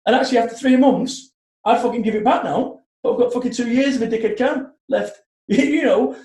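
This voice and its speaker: A blunt man talks in a high but mellow voice, swearing constantly as he tells animated stories. The sound bounces around an echoey room. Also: a little fast. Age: 40s. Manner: blunt, heavily profane, animated storytelling. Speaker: guest, motivational speaker. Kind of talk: casual podcast chat.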